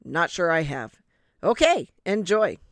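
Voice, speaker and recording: Woman host for a casual sports podcast, low-pitched, rambling and self-deprecating, very dry close sound. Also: sing-song, a little slow, no echo.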